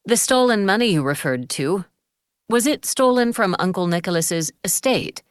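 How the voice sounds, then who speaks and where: A woman's voice: medium pitch, lively intonation, normal speed, no echo, clean studio sound, lightly acted. A woman voicing a direct, curious young detective in an audiobook. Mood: probing. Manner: probing, businesslike.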